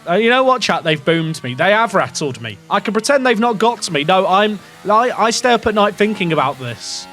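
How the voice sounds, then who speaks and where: High-voiced English man streaming a game. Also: sing-song, a little fast, bright, forceful tone, soft background music. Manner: rambling, self-questioning, talks to chat. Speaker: gaming streamer. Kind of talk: casual live game commentary.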